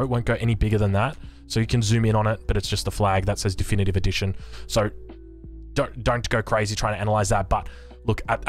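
A young Australian man hosting a casual, excitable live reaction to game news, rambling and joking. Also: on the low side. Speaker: gaming YouTuber.

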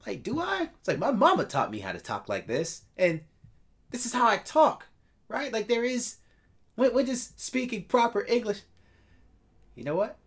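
Animated man reacting to a cartoon. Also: high-pitched, moderate pace, pauses often, slightly rough. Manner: animated, laughs often. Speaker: reaction video host. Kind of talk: casual video commentary.

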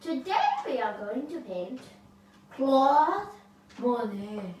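A woman's voice: on the high side, expressive, slow, a little mellow. A woman co-hosting a casual painting class, playful and teasing in her banter. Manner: playful, teasing, sing-song asides. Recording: echoey room, mic far off, background noise.

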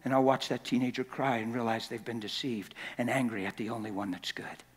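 A man's voice: mid-range voice, steady tone, fairly quick. A man preaching a sermon as a pastor, impassioned and acting out little scenes and voices as he talks. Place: large church hall. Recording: long church hall reverb.

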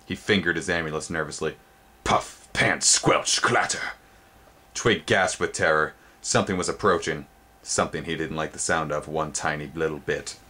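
A man reading a children's fantasy book aloud in a dramatic way, jumping up in pitch on exciting words and pausing to show the pictures. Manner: theatrical, sudden pitch jumps on exciting words; pauses to show the book's pictures. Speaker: storybook reader.

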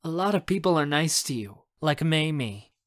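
A man's voice: a little high, expressive, normal speed, close to an everyday voice. Puppy, a man reading a blunt teen girl. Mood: exasperated. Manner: frank, scolding, then urgent.

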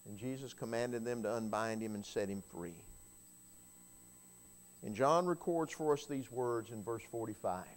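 A man preaching a sermon in a church, telling a Bible story and swinging from quiet passages to loud cries, often repeating words as he starts a phrase. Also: medium pitch, unhurried.

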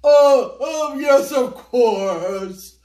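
A woman reading aloud voices a sly, greedy rich man who bellows and cackles in a drawn-out way. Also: a little high, lively intonation, full character voice. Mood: flustered. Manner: loud, drawn-out villain shouts and cackles. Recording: echoey room, voice from a distance.

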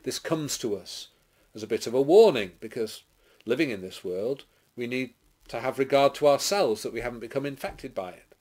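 An English man, a clergyman, reading scripture dramatically and then preaching a short sermon, declaiming loudly and rising on exclamations. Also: medium pitch, normal speed. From England. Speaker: clergyman giving a short Bible reflection.

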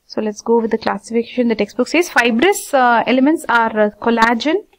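Chatty woman teaching anatomy. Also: a little high. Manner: chatty, repeats terms slowly, asks students questions. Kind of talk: informal online lecture.

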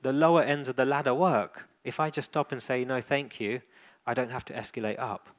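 A man's voice: mid-range voice, fairly even intonation, fairly quick, no room sound, close to an everyday voice. A man voicing a curious, cautious dog. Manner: light, playful voicing of the dog's thoughts. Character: curious, cautious young male dog, friendly.

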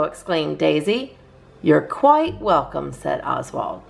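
Lively woman reading a storybook. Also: lowish voice, unhurried, vocal fry. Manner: lively, sing-song reading with cheerful character voices. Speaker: children's story reader. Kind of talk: read-aloud storytime.

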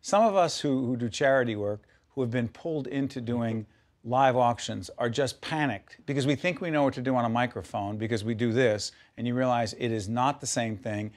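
A man's voice: mid-range voice, brisk. A middle-aged man hosting a TV interview, enthusiastic and playful, often jumping in. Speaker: TV interview host.

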